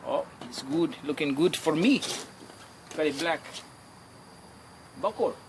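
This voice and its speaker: A man's voice: fairly high pitch, lively intonation, takes it slowly. A man joking around and talking to himself and his viewers while working by a fire outdoors, filmed on a phone. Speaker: hobby metalworker. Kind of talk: casual self-filmed commentary. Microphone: phone camera. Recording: loud outdoor noise on phone.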